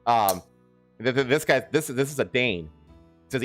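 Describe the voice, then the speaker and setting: Man, podcast host, casual chat, halting, many fillers. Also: mid-range voice, expressive, faint music behind. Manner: halting, heavy with fillers and restarts.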